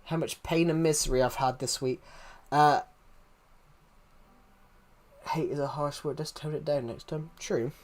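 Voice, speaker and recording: Speaking at a measured pace with long pauses, a man with a fairly high, steady voice hosts a casual live stream. He's from England with a Southwest English accent, and he rambles, restarts often, and replies to viewers' messages.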